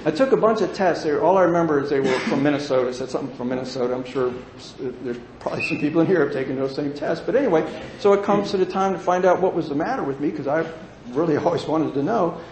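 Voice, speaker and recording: An older man in his sixties shares his story with a meeting in a folksy, plain-spoken way, with a slightly raised voice. He speaks in a roomy hall that gives his words a clear echo, and a faint hum of the room sits behind him. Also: on the high side, quick pace. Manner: folksy, plain-spoken, animated when joking. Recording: echoey room with faint ambience.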